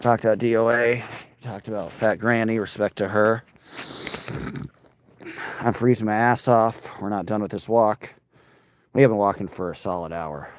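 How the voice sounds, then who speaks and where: A young man who used to anchor the news walks outside in the cold, answering viewer comments in a casual vlog. His voice sits fairly low with a steady tone and normal speed, though he pauses often and there's a little hiss or hum. He rambles, cuts himself off, and keeps a wry edge.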